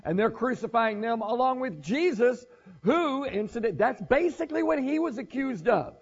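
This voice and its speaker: High-voiced husky male preacher. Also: big pitch swings, moderate pace, highs cut off. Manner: casual, joking, thinks aloud with restarts. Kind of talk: conversational sermon.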